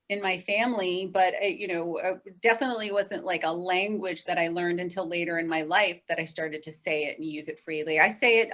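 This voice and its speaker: Cheerful lady on a chat show, bright tone, keeps laughing. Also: fairly low pitch. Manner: cheerful, laughs between phrases. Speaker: show panelist. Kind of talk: casual group chat.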